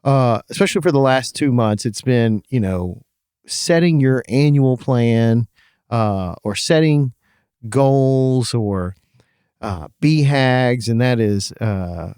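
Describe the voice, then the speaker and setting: A man's voice: medium pitch, animated, slow, a little mellow, clear, resonant tone, dry recording, clean studio sound. Chatty man with a slight lisp. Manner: chatty, laughs often, many restarts. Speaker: podcast co-host. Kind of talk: casual podcast chat.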